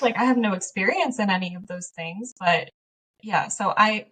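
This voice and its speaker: A woman's voice: medium pitch, moderate pace, bright, forceful tone, slight background noise. A woman guest on a podcast, telling stories animatedly, laughing often and acting out past conversations. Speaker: podcast guest, small business owner. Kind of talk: casual conversational interview. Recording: slightly distant from the mic.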